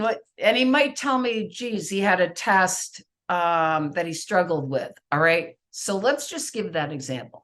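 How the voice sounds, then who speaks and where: A middle-aged woman co-hosting a talk show, explaining in a casual, teaching way and acting out little parent-child exchanges. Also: on the low side. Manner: lively, acts out parent-child dialogue. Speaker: podcast co-host.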